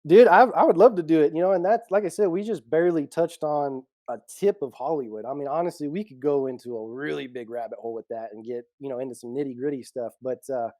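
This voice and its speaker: Mellow-voiced man telling stories. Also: fairly high pitch, quick pace, hardly any pauses, no room sound, clean studio sound. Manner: animated storyteller, laughs often. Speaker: executive protection guest. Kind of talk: casual storytelling interview.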